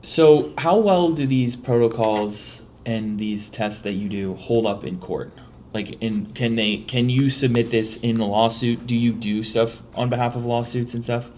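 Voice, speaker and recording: A man's voice: mid-range voice, measured pace, a little mellow, a little hiss or hum. A man hosting a casual podcast talk, speaking emphatically with lots of restarts. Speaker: podcast host, mold remediator.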